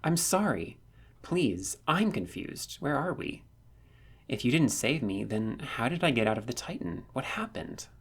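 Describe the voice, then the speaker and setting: A man voicing a confused, eager young male soldier who fires off questions, with a husky voice. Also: medium pitch, sing-song, a bit bright, pitched above the performer's own voice, exaggerated voice. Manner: bewildered, rapid-fire questioning.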